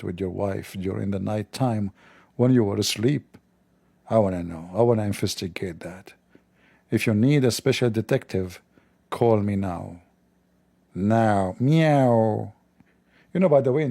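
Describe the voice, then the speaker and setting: Male livestream host, gravelly and dark, sarcastic and mocking, non-native English delivery. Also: lowish voice. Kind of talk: livestreamed commentary.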